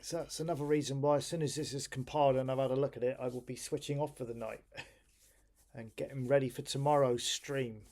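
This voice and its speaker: A man's voice: mid-range voice, fairly even intonation, brisk, darkish tone. A tired man casually thinking aloud on a live stream while he waits on an old home computer to finish a job.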